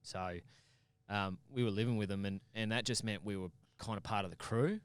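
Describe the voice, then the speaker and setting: A man tells a story in a casual, animated way, swearing freely as he goes. His voice sits low and comes across smooth and resonant. The recording is dry and close. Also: a little fast, no echo. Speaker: podcast guest.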